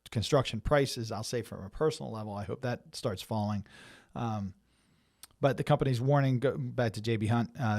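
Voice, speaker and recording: Man hosting a halting financial webinar. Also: medium pitch, a little mellow, no room sound, studio quality. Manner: halting, many fillers and restarts, reads quotes aloud. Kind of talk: webinar talk reading and explaining market news.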